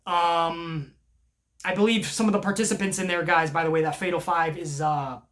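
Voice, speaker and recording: A man giving casual, unscripted wrestling commentary in a vlog, profane and animated, rambling with restarts. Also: fairly high pitch, normal speed.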